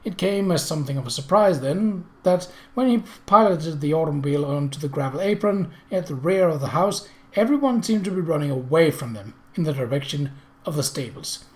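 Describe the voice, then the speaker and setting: A man reading a mystery novel aloud, with measured storytelling narration. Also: a little high, expressive.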